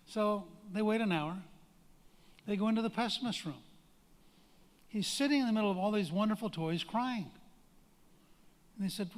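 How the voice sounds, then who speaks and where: Older man speaking in a reverberant hall. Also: high-pitched. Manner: storytelling, folksy, emphatic. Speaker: guest speaker. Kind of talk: public speech with anecdote. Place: large hall.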